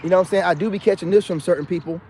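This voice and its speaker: Boastful, defiant man with a high voice. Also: very fast, mellow, a little hiss or hum. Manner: repeats filler asides often. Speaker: self-styled life coach vlogger. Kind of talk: unscripted rant to camera.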